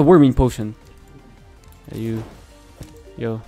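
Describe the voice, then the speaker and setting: A young man talking over his gameplay in a mid-pitched voice, profane and excitable, cursing at nearly every turn. His reactions jump between loud outbursts and muttered complaints. Faint music plays underneath. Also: moderate pace. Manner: profane, excitable, swears constantly and reacts loudly. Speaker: gameplay commentator. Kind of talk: casual gameplay commentary.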